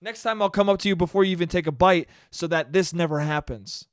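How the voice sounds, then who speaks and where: A man rants alone into the mic, his voice pitched high for a man and swinging into sudden loud bursts of exasperation. He swears freely and talks fast in a casual monologue. The sound is dry and close, with no room echo. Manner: profane, exasperated ranting with sudden loud spikes. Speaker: podcast host. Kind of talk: solo ranting podcast monologue.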